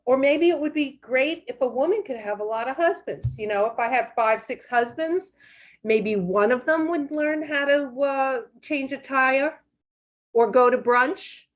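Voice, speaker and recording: A woman doing stand-up on a comedy stage in a musing, deadpan way. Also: high-pitched, unhurried. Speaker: stand-up comic. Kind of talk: live stand-up set. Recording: dull lo-fi stage recording.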